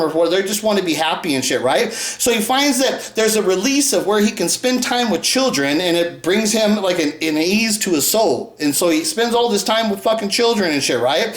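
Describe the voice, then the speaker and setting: A host talking in a loose, swearing monologue, piling up rhetorical questions. The voice swings widely up and down in pitch, from mid-range to high. It sounds roomy, with echo off the walls. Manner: rambling, profane, rhetorical questions. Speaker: show host. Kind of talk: casual profane monologue.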